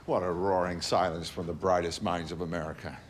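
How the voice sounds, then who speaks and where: An actor playing an indignant male inventor who speaks in forceful, bitter lines, from a film clip. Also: sits low, little pitch movement, brisk, background noise, close to an everyday voice. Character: indignant male inventor defending his work. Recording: film clip with faint ambience.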